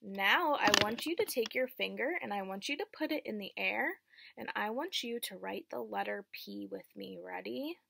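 A young woman teaching a preschool phonics lesson, slow and encouraging, asking children to repeat after her. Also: mid-range voice, animated, creaky, a bit bright.

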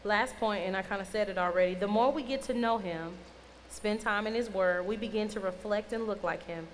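A woman's voice: mid-range voice, fairly quick. A young adult woman giving a casual youth sermon as a youth minister. She talks in a conversational, playful, teasing way. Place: church youth hall. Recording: long reverb, faint noise.

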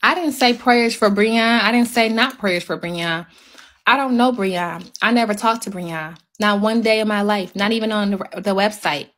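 A woman's voice: mid-range voice, normal speed, a bit bright. A woman ranting heatedly on a phone livestream to her viewers, emphatic and repeating her points.

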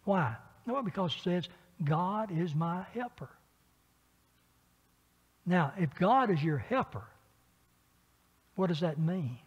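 A man teaching a Bible class in a church, talking conversationally with frequent filler pauses and questions for the class. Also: high voice, animated, breathy edge. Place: church meeting room. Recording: dull, echoey church room recording.

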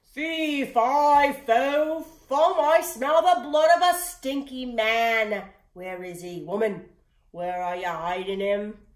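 A woman voicing a foul-tempered male giant, bellowing loudly and slowly in a storybook reading. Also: fairly high pitch, reverberant, pitched above the performer's own voice. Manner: loud, slow, bellowing.

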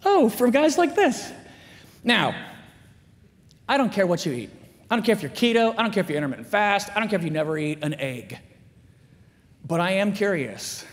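A middle-aged man giving a storytelling talk in a school chapel, acting out the dialogue in lively character voices. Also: high-pitched, a little fast, pauses often. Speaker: chapel speaker. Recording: echoey hall with long reverb.

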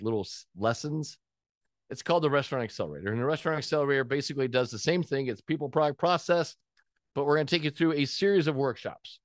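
A man coaching restaurant owners in an energetic motivational talk, acting out remembered dialogue and making folksy asides. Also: medium pitch, no echo, studio quality. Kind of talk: motivational business talk with storytelling.

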